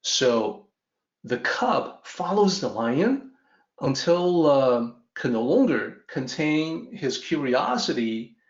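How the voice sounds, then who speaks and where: Slow, lively-voiced male teacher. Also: mid-range voice. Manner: measured, explanatory. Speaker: Tao teacher. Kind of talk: storytelling lesson. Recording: roomy, dull lo-fi audio.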